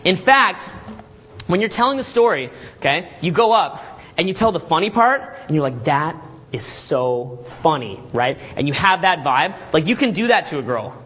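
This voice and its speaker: Bright, husky-voiced man coaching a crowd. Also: high-pitched. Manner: energetic, peppers talk with "okay?" and "all right?"; acts out little scenes in quick put-on voices. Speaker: dating coach and boot camp instructor. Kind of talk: live seminar lecture to a group.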